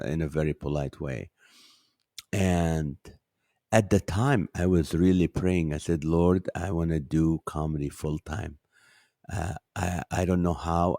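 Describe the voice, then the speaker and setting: Very deep-voiced man telling a story. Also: no echo, studio quality. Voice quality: relaxed, faith-centered storytelling. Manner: chatty, acts out quoted dialogue. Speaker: podcast host and comedian. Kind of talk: casual storytelling monologue.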